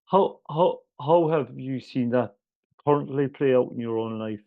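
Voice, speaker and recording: A man hosts a podcast interview, stumbling and repeating words as he frames each question. The sound is thin and phone-like, with a dry room and an even, mid-range voice. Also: mid-range voice, unhurried, creaky, no room sound. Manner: stammering, repeats words while framing questions. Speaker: podcast host. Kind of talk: interview conversation.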